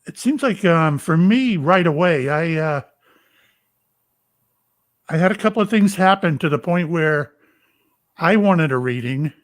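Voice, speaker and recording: Older man from Florida, somewhat higher voice, talks in starts and stops; guest telling personal stories. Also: lively intonation. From Florida, USA. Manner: rambling, halting, with many fillers and restarts. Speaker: psychic medium and retired police officer. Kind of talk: casual storytelling interview.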